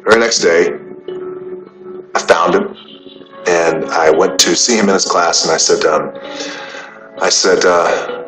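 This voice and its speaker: A man and interview guest, telling personal stories in a measured, unhurried way with pauses. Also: sits low, fairly even intonation. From United States. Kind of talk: casual storytelling. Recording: roomy with faint music behind.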